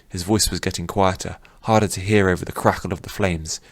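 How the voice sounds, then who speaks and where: Deep-voiced male audiobook narrator. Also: fairly even intonation, fairly quick, no room sound. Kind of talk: scripted fantasy narration.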